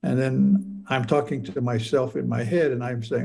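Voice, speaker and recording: An older man telling a personal story in a halting way, often repeating and stammering over his words. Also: mid-range voice, fairly even intonation, vocal fry, darkish tone. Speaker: speaker telling a near-death experience.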